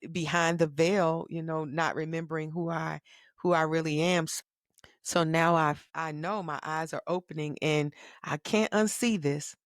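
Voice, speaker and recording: A woman's voice: low-pitched, fairly even intonation, moderate pace, no echo, studio quality. A woman co-hosting a spiritual conversation show. She talks earnestly and reflectively, and turns emphatic and fervent when she makes her point. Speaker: podcast co-host.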